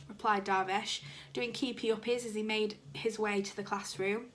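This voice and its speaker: A woman reading a children's book aloud to young listeners, animated and expressive. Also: mid-range voice, normal speed.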